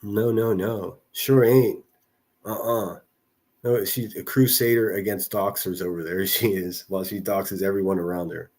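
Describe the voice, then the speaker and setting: A man hosts a casual livestream and talks through the chat in a slightly low voice. He rambles, restarts his sentences and reads the messages aloud. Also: fairly even intonation, unhurried, a little mellow. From northern US city. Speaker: livestream host.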